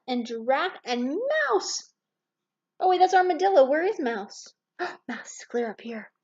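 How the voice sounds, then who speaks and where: High-voiced lady reading a kids' picture book, lively, gasping, kinda dull lo-fi sound. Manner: animated, gasping, pointing things out. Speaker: storybook reader.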